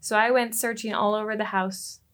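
A woman, a relationship coach, telling a personal story as a podcast guest, lively and quick to laugh. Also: medium pitch. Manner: animated, laughs often and acts out quoted lines.

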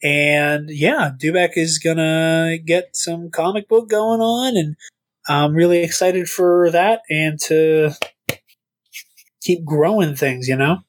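A man's voice: fairly high pitch, slow pace. Guy rambling on a podcast, lots of stammers and restarts, swears casually. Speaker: podcast host.

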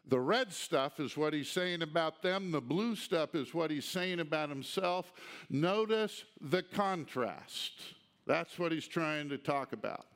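Slow, gravelly male preacher. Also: on the high side, animated, a bit bright. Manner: deliberate, emphatic teaching with slides. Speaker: pastor. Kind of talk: expository sermon.

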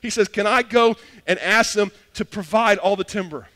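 A middle-aged man preaching a sermon as a pastor, animated and acting out little dialogues in different voices. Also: high-pitched, normal speed. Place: church sanctuary. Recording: long hall reverb.

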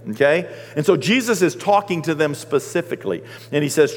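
High-voiced man preaching in a reverberant hall. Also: animated, brisk, hardly any pauses. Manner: storytelling, often checks in with the congregation. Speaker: pastor. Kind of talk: conversational sermon.

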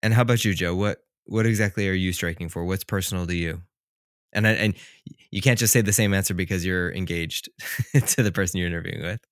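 A man's voice: low-pitched, fast, clean tone, no echo, clean studio sound. A man hosting a show, asking interview questions in a friendly, teasing way.

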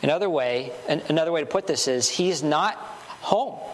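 A man's voice: fairly high pitch, lively intonation, moderate pace, a little hiss or hum. A man preaching a sermon earnestly, building emphasis with short repeated phrases.

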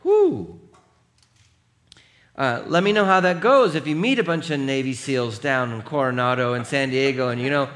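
Male pastor preaching, lively and emphatic, mid voice, gets the crowd going. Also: mid-range voice, fairly quick, few pauses. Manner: animated, emphatic, rallies the congregation. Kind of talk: sermon.

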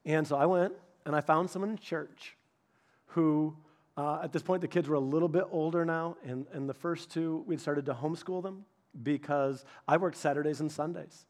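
A middle-aged man preaching from the pulpit with a fairly high voice. He tells his stories with lively humor, often stopping and restarting mid-sentence. His tone stays conversational, as if chatting with his congregation. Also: normal speed. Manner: animated personal storytelling with restarts and humor. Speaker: pastor. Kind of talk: sermon.

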